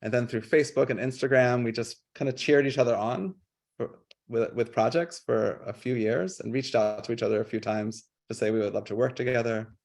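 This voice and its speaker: A man presenting his public art work on a video call, casual and halting, with many fillers and restarts. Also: medium pitch, a little mellow. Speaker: guest artist.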